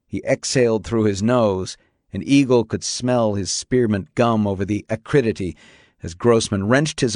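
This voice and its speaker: A male audiobook narrator with a low, darkish voice reads scripted narration. The studio sound is clean, with no echo.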